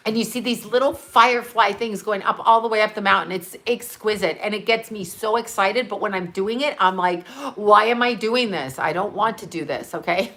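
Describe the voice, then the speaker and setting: Bright-voiced woman rambling excitedly. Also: mid-range voice. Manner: rambling, excitable storytelling with fillers. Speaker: channel host. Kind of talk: casual livestream chat.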